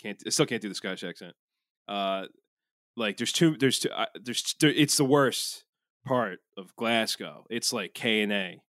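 A man's voice: on the low side, animated, unhurried, fairly bright tone, no room sound. Man, podcast co-host, rambling, swearing, filler-heavy, dry close mic. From Philadelphia, USA. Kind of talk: casual podcast banter.

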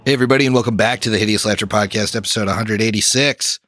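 A man's voice: lowish voice, steady tone, very fast, a bit bright, soft background music. A young adult man hosting a tabletop game podcast, joking and crude in casual banter. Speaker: game master and host.

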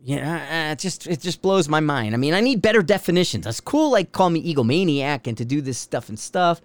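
Man, casual podcast monologue, smooth clear voice, slightly higher pitch, dry close mic. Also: animated, fairly quick, no echo. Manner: rambling, laughs often, acts out quoted exchanges. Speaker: podcast host.

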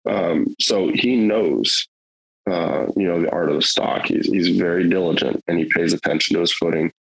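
A man's voice: deep voice, fairly even intonation, moderate pace, creaky, slightly rough, rough recording. A middle-aged man telling a hunting story in casual, rambling, earnest talk, with many fillers and restarts.

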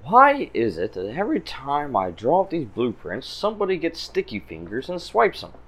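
A man's voice: medium pitch, huge pitch swings, moderate pace, fairly bright tone, slightly rough, voice pushed up, exaggerated voice. A man voicing a middle-aged male scientist who grumbles and makes dry, sardonic remarks. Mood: grumbling.

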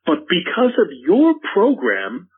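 A man's voice: high-pitched, huge pitch swings, slow, breathy edge, heavily acted. A man playing a self-important male TV ghost hunter who speaks hesitantly on a comedy phone call. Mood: indignant. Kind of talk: comedy prank call sketch. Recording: tinny phone line.

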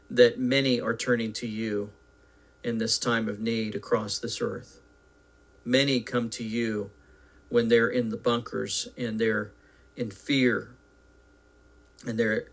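A man hosting a podcast, talking earnestly with halting pauses and fillers, then leading a spoken prayer. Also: medium pitch, vocal fry. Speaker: podcast host.

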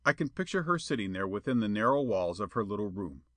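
A man reading a pulp adventure tale aloud as narrator, with an expressive storytelling manner. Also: on the low side, fast talker, no echo.

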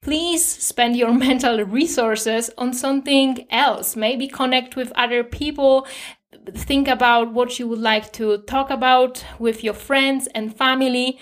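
High-voiced woman hosting a podcast. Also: steady tone, a little slow. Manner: gentle, reassuring advice. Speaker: podcast host. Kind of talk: solo podcast talk.

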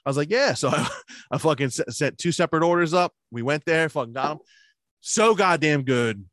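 A man's voice: a little high, lively intonation, brisk, a bit bright, no echo, clean studio sound. A man in casual chat, telling long profane stories about his workday and acting out what everyone said, laughing along. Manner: acts out both sides of remembered conversations.

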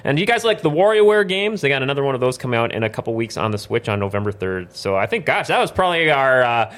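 Podcast host, man from North Dakota, animated pitch, playful rundown of releases. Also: fast talker. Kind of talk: casual chat, news rundown.

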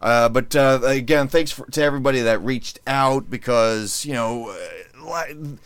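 A man's voice: medium pitch, unhurried, fairly bright tone, smooth, dry recording. A man hosting his own podcast in casual chat, rambling and joking as he restarts his sentences. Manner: rambling, self-interrupting, joking. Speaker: podcast host.

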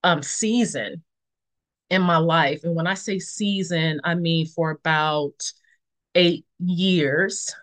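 The speaker is a podcast guest, a woman around her forties, recounting a personal testimony of faith. Her delivery is slow and reflective with plenty of pauses and fillers, though she livens up with high voices when imitating friends.

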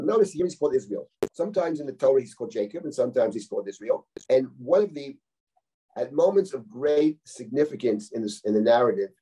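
A man's voice: medium pitch, mellow, slightly rough. A middle-aged man, a rabbi, teaching a live class on a biblical text, reading Hebrew verses and translating them in a conversational, explanatory way with rhetorical questions. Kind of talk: live text-study lecture.

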